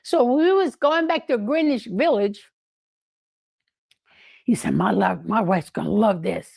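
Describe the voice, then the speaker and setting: An older woman telling lively anecdotes in a casual way, laughing often and acting out what others said. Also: mid-range voice, measured pace, gravelly, husky, no room sound. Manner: animated, laughing, acts out quoted voices. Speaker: guest storyteller.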